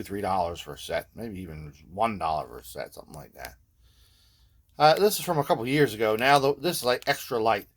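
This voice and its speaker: An older man, narrating his guitar repair work in a joking, rambling way that keeps tagging lines with "man". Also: mid-range voice. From Philadelphia. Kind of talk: casual workshop narration.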